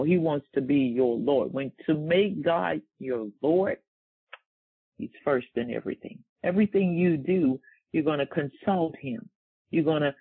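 Gravelly-voiced man preaching a sermon. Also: a little high. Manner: call-and-response preaching, repeats phrases, asks the congregation. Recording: tinny, phone-like sound.

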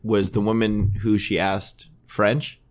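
A man's voice: lowish voice, flat delivery, slow pace. A young man hosting a podcast with his mother, chatting casually and playfully needling her. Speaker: podcast host. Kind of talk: casual chat.

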